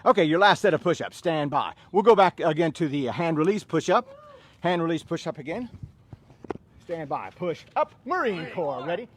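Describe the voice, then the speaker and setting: A man's voice: a little high, expressive, moderate pace. A middle-aged Southern American man leading a workout class, calling out drill-style commands between laid-back stories. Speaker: fitness instructor.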